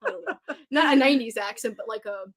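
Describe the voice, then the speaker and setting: A woman's voice: high voice, expressive, quick pace, gravelly. A young woman hosting a casual live stream, chatty and giggly as she talks with her guest. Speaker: host.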